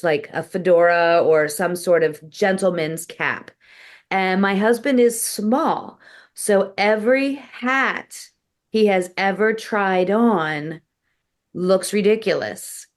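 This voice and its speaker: A woman comedian from the United States, telling stories as a guest in a casual interview. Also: on the low side. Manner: storytelling, animated.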